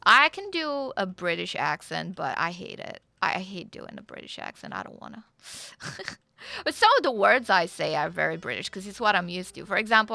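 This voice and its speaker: A woman's voice: lowish voice, big pitch swings, moderate pace, creaky, sharp tone, no echo. A woman from Eastern Europe, a streamer chatting casually and self-consciously with her viewers.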